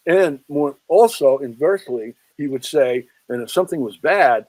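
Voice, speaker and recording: A man with a fairly high voice tells long show-business anecdotes as a guest. He talks in an animated, chatty way and drops his voice to quote people. The sound is dry and close. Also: brisk, hardly any pauses, dry recording, poor audio. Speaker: author and film historian guest. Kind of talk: anecdotal interview storytelling.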